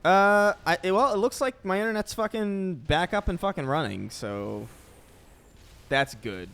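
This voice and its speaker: A man's voice: sits high, expressive, measured pace, gravelly, fairly bright tone, smooth. A man hanging out on a friend's livestream, chatting casually with sarcastic jokes and offhand swearing. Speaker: friend on the stream. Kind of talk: casual chat.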